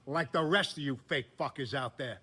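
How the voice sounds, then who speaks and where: A man's voice: mid-range voice, moderate pace, bright, forceful tone. A man ranting angrily and profanely, full of contempt. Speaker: clip speaker. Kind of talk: angry political rant.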